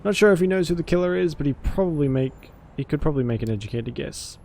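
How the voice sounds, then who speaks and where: A man's voice: on the high side, expressive, fast, vocal fry, dark tone, slight background noise. A man voicing a cynical, streetwise male vampire detective with a gritty, hard-boiled drawl. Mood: gruff. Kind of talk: visual novel voice acting.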